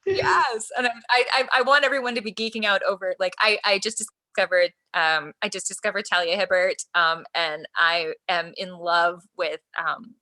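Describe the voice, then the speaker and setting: A woman author in a casual interview, talking excitedly with frequent restarts and laughter. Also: mid-range voice, moderate pace, hardly any pauses. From Alaska. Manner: excited, gushing, laughs often, many restarts. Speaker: guest author.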